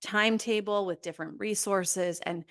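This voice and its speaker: A woman's voice: mid-range voice, fairly even intonation, normal speed, a bit bright. A woman in her late thirties co-hosting a podcast, slightly out of breath and talking in a candid, enthusiastic way. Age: 30s. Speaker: podcast co-host. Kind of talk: casual chat.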